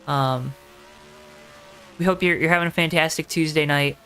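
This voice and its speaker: A man's voice: on the high side, steady tone, moderate pace, pushed and bright, slight background noise. A man hosting a live sim racing broadcast from the booth, playful and chatty, talking straight to viewers. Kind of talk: live race commentary. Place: commentary booth.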